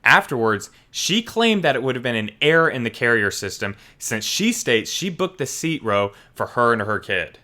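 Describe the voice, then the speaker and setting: Guy reading reddit-style stories, bouncy up and down voice, bright and forward. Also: mid-range voice, moderate pace, hardly any pauses. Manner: animated, expressive storytelling. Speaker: channel host reading stories. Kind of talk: narrating online stories.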